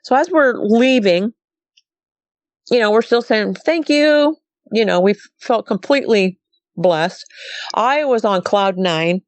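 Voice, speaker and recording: Speaking a little slowly and pausing often in a mid-range voice, a middle-aged woman from Montana tells her sighting story as an interview guest. She's casual and animated, voicing quoted lines with a recurring "she goes," and the recording is dry.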